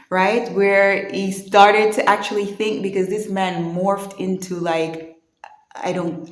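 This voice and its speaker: A woman with a fairly low voice tells a personal story straight to the camera. She speaks earnestly and conversationally, pausing and restarting as she goes. Her voice carries in a roomy, echoey space. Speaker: vlogger.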